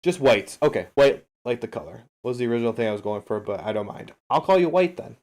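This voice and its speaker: A streamer and game coach reviews a game replay on a livestream in an animated, fast, slightly mellow mid-range voice. Casual and upbeat, he addresses viewers directly and encourages them as he responds to their messages.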